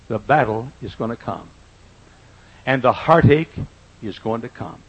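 Older man, pastor, husky mid-range voice, folksy sermon delivery with big dynamic swings. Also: mid-range voice, expressive, lo-fi sound. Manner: folksy preaching, swings from quiet to loud and drawn-out. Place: church auditorium.

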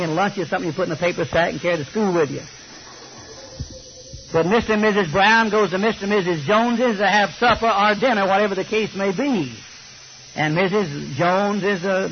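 An older man preaching a sermon, telling folksy, joking stories. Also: high-pitched. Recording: slightly muffled recording with faint hiss.

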